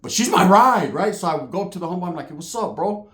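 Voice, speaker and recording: A man hosting his channel, telling a street story in a casual, profane, animated way. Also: sits high, fast. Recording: echoey room.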